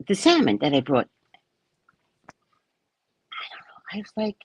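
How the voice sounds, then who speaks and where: Husky-voiced woman telling a chatty story. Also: on the low side, no room sound. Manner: chatty, animated, acts out quoted people. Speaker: psychic reader. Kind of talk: casual storytelling.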